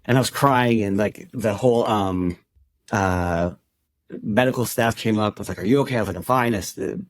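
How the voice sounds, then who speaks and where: A man's voice: on the low side, moderate pace, no room sound. A man as a podcast guest, telling a personal story in a conversational way and acting out what people said to him. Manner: conversational, acts out quoted dialogue. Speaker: podcast guest, endurance club founder.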